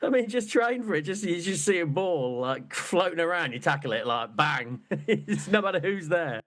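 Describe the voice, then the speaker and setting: A man's voice: high voice, animated, normal speed, fairly bright tone. A man co-hosting a casual football book chat, joking and slipping into quoted voices. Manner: jokey, puts on quoted voices. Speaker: podcast co-host.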